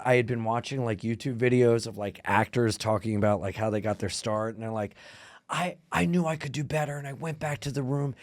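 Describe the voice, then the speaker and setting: A comedian from Brooklyn, spinning animated stories in loose podcast banter. He acts out every line he quotes. His voice sits in the middle range and sounds close and dry. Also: mid-range voice, no echo. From Brooklyn, New York. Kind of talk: casual comedic chat.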